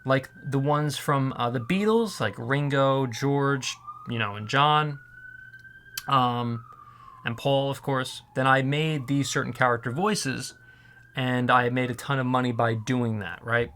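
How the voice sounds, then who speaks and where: A man's voice: mid-range voice, unhurried, fairly bright tone, slight background noise. Guy with a tired, strained voice, rambly casual vlog chat, lots of ums. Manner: rambling, with many fillers and restarts. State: voice strained and worn out. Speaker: voiceover artist.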